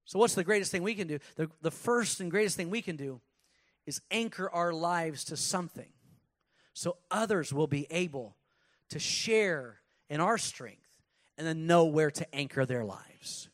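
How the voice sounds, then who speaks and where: A man with a high voice preaching a lively sermon. He talks casually, drops into put-on voices and shouts lines from off the mic. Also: normal speed. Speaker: pastor.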